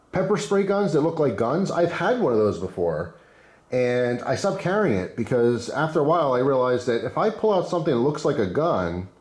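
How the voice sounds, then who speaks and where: Guy rambling about knives n gear, kinda low voice, opinionated, lots of asides, echoey room. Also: a little mellow. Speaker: knife reviewer. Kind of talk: casual product ramble. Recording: roomy echo.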